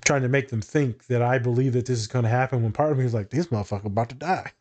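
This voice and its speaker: A man's voice: mid-range voice, steady tone, quick pace, a little mellow, muffled recording. A man co-hosting a casual podcast, talking loosely and profanely with frequent laughter. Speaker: co-host.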